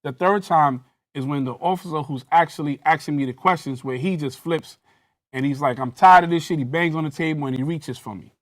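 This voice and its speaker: A man's voice: a little high, a little fast. A man telling a personal story in a panel discussion, acting out the dialogue with rising intensity. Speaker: guest recounting a police interrogation.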